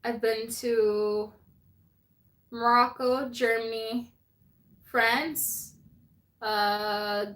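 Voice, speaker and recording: A woman's voice: a little high, steady tone, drawn-out words, long pauses, a bit bright. A young woman hosting a live stream, chatting casually, laughing often and reading viewer comments, a bit out of breath.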